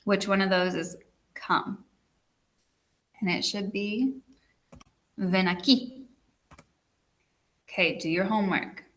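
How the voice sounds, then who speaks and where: A woman's voice: mid-range voice, slow pace, long pauses, fairly bright tone. A woman teacher giving a recorded video lesson, chatty and checking in with her students with frequent "okay"s.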